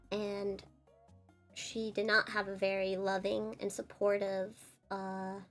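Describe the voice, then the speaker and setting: A woman streamer telling an upsetting personal story in a casual, earnest way. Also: medium pitch. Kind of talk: casual storytelling while drawing.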